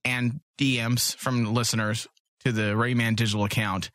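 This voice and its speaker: A man's voice: mid-range voice, little pitch movement, normal speed, fairly bright tone, dry recording, studio quality. A young man hosting a casual podcast, joking and self-mocking. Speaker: podcast host.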